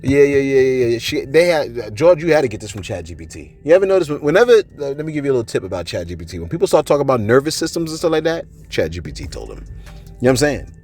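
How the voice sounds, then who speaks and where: A man's voice: mid-range voice, very animated, quick pace, darkish tone, faint music behind. A man hosting a casual commentary show, reading out viewer comments and answering them in a slangy way, often adding "man" and "you know what I'm saying". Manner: slangy, playful asides.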